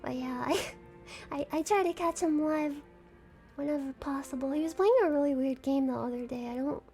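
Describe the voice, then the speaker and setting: Young woman streamer, very high, giggly, rambling casual chat. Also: normal speed, dark tone, soft background music. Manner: giggly, rambling, self-conscious fangirling.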